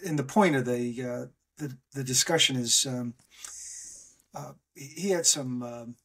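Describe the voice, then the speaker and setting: A man co-hosting a casual podcast, talking in a halting way with many ums and restarts. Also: mid-range voice, a bit bright, breathy edge. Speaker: podcast co-host. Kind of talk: casual chat.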